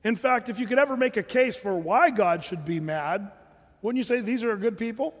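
A man with a high voice preaches a sermon in a conversational way. He reads scripture and stops to put questions to his listeners. His voice rings with the long reverb of a large hall. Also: lively intonation, fairly quick. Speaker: pastor. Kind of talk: sermon, reading and explaining scripture.

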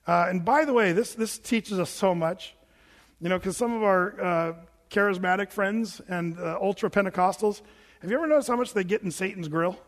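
A pastor preaching a sermon in a joking, animated way, acting out quoted voices as he goes. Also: sits high, moderate pace. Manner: jokey, acts out quoted voices; self-described big guy. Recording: long reverb of a large hall.

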